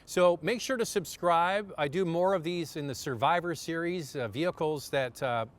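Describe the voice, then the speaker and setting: A man's voice: fairly high pitch, moderate pace. A man talking casually and enthusiastically as he reviews a car, with fillers and restarts.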